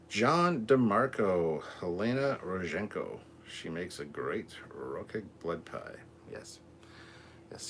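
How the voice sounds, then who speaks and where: A man with a low, deep voice chats casually on a home livestream, reading out comments with loose asides and fillers. A faint background hiss sits under the voice, picked up by a camera mic a little way off. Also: fairly bright tone. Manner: rambling, easygoing, lots of fillers and asides. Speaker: livestream host reading chat. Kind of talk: casual live-stream chat. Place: home room with TV. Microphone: camera mic at a distance.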